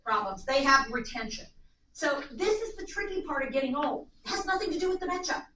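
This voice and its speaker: A woman lecturing a live audience on aging in an animated way, acting out little voices, in a seminar room. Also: sits high, fairly quick. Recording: echoey room, distant mic, faint noise.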